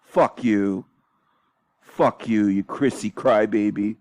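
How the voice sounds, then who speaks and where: A man's voice: on the low side, slow, a little mellow. A man hosting a commentary stream, taunting others with profane insults. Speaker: stream host.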